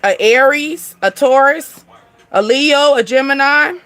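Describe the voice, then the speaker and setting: Woman, casual astrology reader, bright high voice, laughs and swears easily. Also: takes it slowly, faint music behind. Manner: chatty, laughs often, sings and acts out snippets; swears casually, addresses viewers as y'all. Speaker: spiritual reader.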